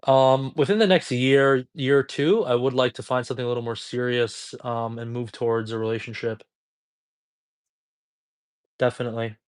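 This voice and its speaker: A man in his thirties, a dating coach, answering chat questions on a live stream in a casual, profane, high-energy way. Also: fairly even intonation, normal speed, smooth. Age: 30s.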